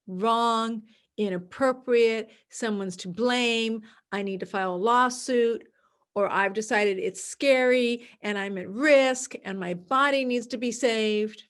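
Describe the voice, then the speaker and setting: A woman hosting a podcast, explaining an idea calmly and repeating her key words, sometimes acting out other people's voices. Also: fairly high pitch. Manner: acts out quoted voices in a dramatic, excited tone. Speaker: podcast host. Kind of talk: solo podcast talk.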